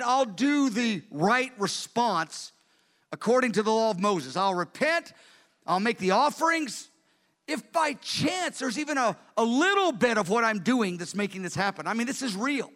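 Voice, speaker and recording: A man preaching a sermon, telling the story in an animated, conversational way. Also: very high-pitched, moderate pace, long reverb tail.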